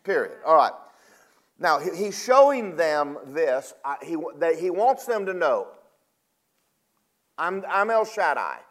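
A man preaching a sermon, retelling scripture in casual paraphrase, with emphatic loud bursts and quiet, drawn-out asides. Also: a little high, sing-song.

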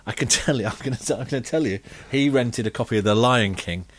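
Deadpan British man telling rambling stories. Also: mid-range voice, a little fast. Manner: deadpan, rambling anecdotes with many fillers. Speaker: podcast co-host telling comic stories. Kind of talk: comedic podcast chat.

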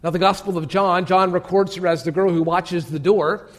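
A pastor with a high-pitched voice preaches, telling the story with drama. He often sinks into a hushed tone and turns to his listeners with direct questions. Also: fairly even intonation, normal speed. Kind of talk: sermon.

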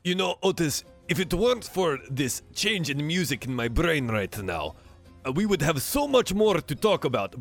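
A man playing a tabletop game, speaking in character in a theatrical, exclaiming way. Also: on the high side. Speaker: player.

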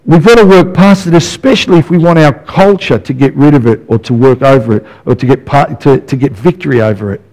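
A pastor preaches conversationally to his church in a mid-range, darkish voice, talking a little fast with hardly any pauses. He keeps checking in with the congregation through frequent "yeah?" questions, heard on a rough recording.

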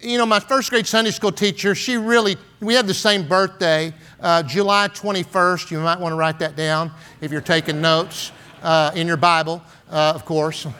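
A San Antonio, Texas pastor in his 60s delivers a storytelling sermon, folksy and full of "and, uh" and "man." At a moderate pace, his slightly high voice sounds bright, forceful, clear, and resonant, though his delivery is flat.

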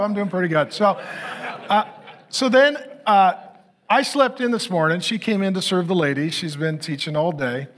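High-pitched middle-aged guy preaching a sermon, jokey and candid about himself. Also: expressive, normal speed, a bit bright. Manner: candid, self-mocking storytelling with laughs. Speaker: pastor.

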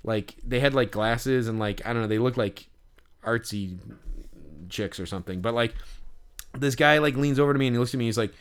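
A man's voice: mid-range voice, brisk, clear, resonant tone. A man co-hosting a podcast, chatting casually and telling stories in a rambling way, full of fillers and restarts. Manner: animated when telling stories. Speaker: podcast co-host. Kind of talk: casual chat and storytelling.

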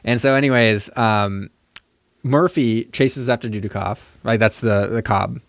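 A man's voice: on the low side, fairly even intonation, measured pace, gravelly, dry recording. A man co-hosting a podcast who recaps a film in casual chat, laid-back and rambling. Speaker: podcast co-host.

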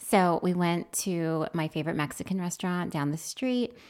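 Woman co-host, low-set voice, animated storyteller who laughs often, casual couple chat. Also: moderate pace. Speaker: podcast co-host.

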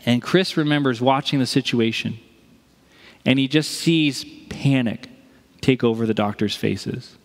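A man's voice: mid-range voice, a little slow, in a large hall. A male pastor delivering a conversational sermon, telling a story and acting out the voices of the people in it.

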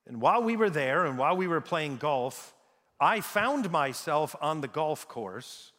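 A man's voice: mid-range voice, fairly bright tone. Preaching man in a reverberant hall. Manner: dramatic scripture reading, rising emphasis on key words. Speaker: pastor. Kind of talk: sermon.

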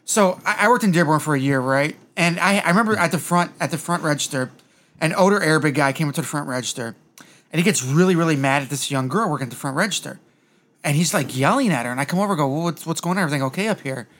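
Man, podcast host, quick delivery, rather high voice, casual rambling chat. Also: fairly bright tone. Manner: rambling, storytelling, with frequent restarts.

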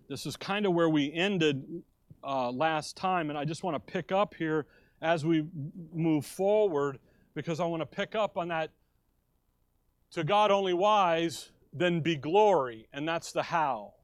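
A man's voice: fairly high pitch, no room sound. An American man preaching a sermon in a conversational way, restarting phrases and stressing key words. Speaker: pastor. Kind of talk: expository sermon.

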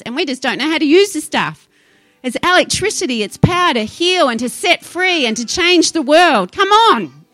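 A woman's voice: high voice, fairly bright tone, dry recording. A woman preaching a sermon, fervent and exhorting, rising into urgent appeals to her congregation.

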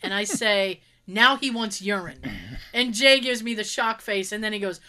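A woman casually telling an anecdote in an animated, expressive way and swearing freely. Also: medium pitch, normal speed.

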